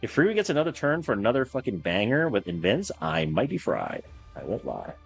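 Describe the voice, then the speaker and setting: A young man streaming a game, commenting casually, swearing freely and chanting the same word over and over in excitement. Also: medium pitch, a little fast, creaky, breathy edge. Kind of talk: casual live gameplay commentary. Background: faint game music.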